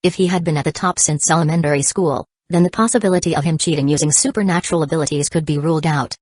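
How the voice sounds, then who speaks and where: Low-voiced woman narrating an audiobook. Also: fairly even intonation, quick pace, a little mellow, slightly rough, no room sound.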